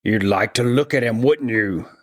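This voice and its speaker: A man's voice: mid-range voice, moderate pace, dry recording, pitched above the performer's own voice, natural voice. A man voicing a sly, fawning woman in a read-aloud story, in a raised voice. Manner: fond and sly.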